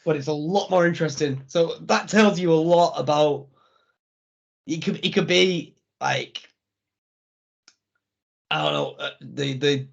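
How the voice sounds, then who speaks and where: Gravelly man on a dull line. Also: on the high side. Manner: enthusiastic, rambling opinions, dry jokes. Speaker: podcast co-host. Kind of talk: casual wrestling podcast chat. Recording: dull lo-fi sound.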